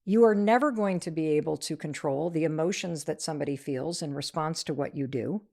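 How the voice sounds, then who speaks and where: A middle-aged woman, an author, telling a story as an interview guest, lively and acting out the voices of the people in it. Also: deep voice, a little fast, gravelly. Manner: energetic, acts out quoted voices.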